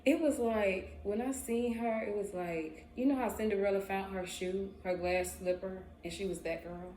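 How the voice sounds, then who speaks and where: A young adult woman telling a story casually in a vlog, animated and slangy. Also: medium pitch, moderate pace, slight background noise. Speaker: vlogger. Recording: roomy echo, faint ambience.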